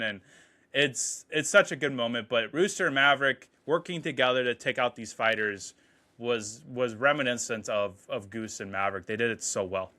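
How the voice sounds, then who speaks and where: Bright-voiced excited male movie reviewer. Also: medium pitch. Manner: excited, profane, quotes scenes in quick paraphrase. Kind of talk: casual enthusiastic movie review.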